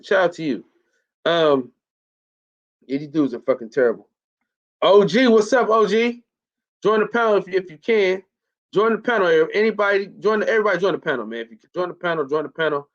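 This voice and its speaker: A man hosting a live stream in casual chat, loose and profane, repeating himself often. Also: high voice. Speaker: host. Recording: muffled lo-fi stream audio.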